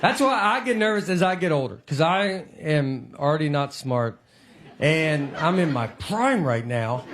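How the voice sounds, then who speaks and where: A middle-aged man doing a deadpan, self-deprecating stand-up routine on a theater stage. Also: fairly high pitch, measured pace. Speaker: stand-up comedian. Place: theater stage before a laughing audience. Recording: live show with audible crowd.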